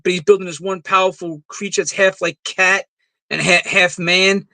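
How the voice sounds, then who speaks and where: Male co-host, high and crisp voice, eager and halting, dry sound. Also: little pitch movement, sharp tone, no room sound, rough recording. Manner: enthusiastic, halting with fillers. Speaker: podcast co-host. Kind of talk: casual film chat.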